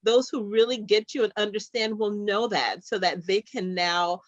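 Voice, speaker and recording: A woman's voice: mid-range voice, moderate pace, dry recording. A woman hosting an interview, encouraging her guest and reading out viewer comments. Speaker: host. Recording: dry, muffled lo-fi audio.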